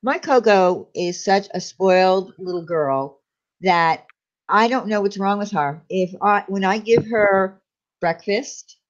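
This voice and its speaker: A woman's voice: mid-range voice, slow. A woman chatting casually as a guest, telling rambling stories with many fillers. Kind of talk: casual chat. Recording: dull lo-fi sound.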